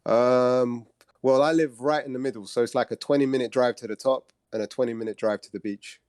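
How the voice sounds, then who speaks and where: A man, a guest and co-founder talking casually over a video call, relaxed and hesitant with many ums. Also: medium pitch, brisk, smooth, no room sound, studio quality. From Cyprus, raised in London.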